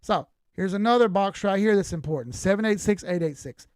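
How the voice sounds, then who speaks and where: A man's voice: high voice, lively intonation, brisk, a little mellow, no echo. Southern US man, middle-aged, raised voice, dry close sound, blunt folksy chart talk. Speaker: crypto chart analyst. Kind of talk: live-stream chart commentary.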